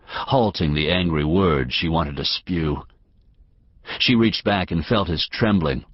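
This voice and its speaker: A man with a very low, deep voice narrates a novel in measured, feeling storytelling. The booth recording is dry and close, with a slightly dull, muffled top end. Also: slightly rough, no echo. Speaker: audiobook narrator. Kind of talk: scripted narration.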